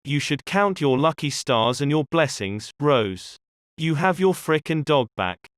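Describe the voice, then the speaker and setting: A stern father, gruff and scolding, keeps his voice low and pressing, as a male audiobook reader voices him. The sound is close and dry, with no room around it. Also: animated, measured pace, no echo. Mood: angry. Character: stern angry working-class father, adult man.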